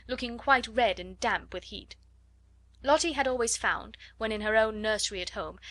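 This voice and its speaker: A woman reading a classic children's novel aloud as an audiobook narrator, in measured, expressive storytelling. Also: mid-range voice, dry recording. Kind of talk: scripted narration.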